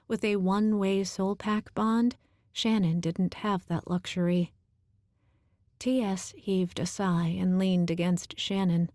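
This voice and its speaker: A woman reading an audiobook aloud in measured, even scripted narration. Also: medium pitch, dry recording, studio quality.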